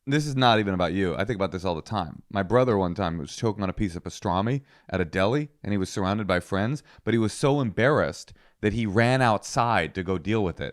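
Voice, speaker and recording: Briskly and with hardly any pauses, a man with a lowish voice tells a story as co-host of a comedy podcast. In this casual chat he is animated, loudly acting out the quotes.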